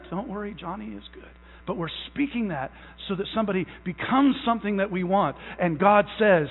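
A man's voice: sits high, slightly rough. A young man preaching a sermon as pastor, emphatic, stretching out key words and restarting phrases. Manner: repeats phrases, halting restarts. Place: church sanctuary. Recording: tinny phone-like sound in a long-echo hall.

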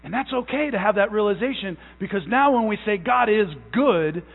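A man's voice: sits high, lively intonation, gravelly. A young man preaching a sermon as pastor, emphatic, stretching out key words and restarting phrases. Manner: repeats phrases, halting restarts. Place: church sanctuary. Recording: tinny phone-like sound in a long-echo hall.

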